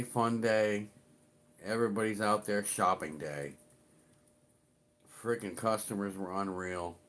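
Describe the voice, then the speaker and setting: A man's voice: fairly low pitch, fairly bright tone. A middle-aged man chatting casually on his livestream, rambling and swearing a little as he greets viewers. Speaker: livestream host.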